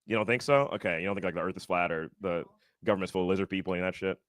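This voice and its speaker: A man doing a stand-up comedy set on stage, animated and acting out other people's voices. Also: very fast, no echo. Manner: animated, acts out other people's voices with big jumps in pitch. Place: comedy stage before a live audience.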